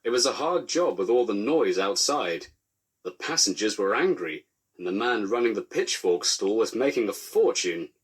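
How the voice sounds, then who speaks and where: A man giving dry, deadpan comic storybook narration. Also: on the low side, moderate pace, breathy edge.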